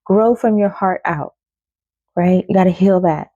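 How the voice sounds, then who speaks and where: A woman's voice: lowish voice, unhurried, dark tone, no room sound, muffled recording. A woman giving a casual oracle card reading in a loose, chatty way, laughing often and swearing freely.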